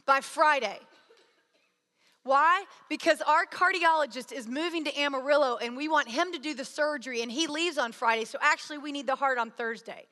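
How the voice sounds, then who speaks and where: High, bright woman preaching in a hall. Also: brisk, few pauses. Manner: earnest storytelling, acts out quoted voices. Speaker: speaker. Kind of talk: sermon with personal story. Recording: long hall reverb.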